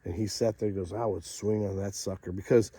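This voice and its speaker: A man telling a long joke as if it were a true story, dropping to a hushed low voice for the people he quotes. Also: fairly even intonation, brisk, breathy edge, no room sound, clean studio sound. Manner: drops low and quiet for the zookeeper's lines, shrieks for punchlines. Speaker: comedian storyteller.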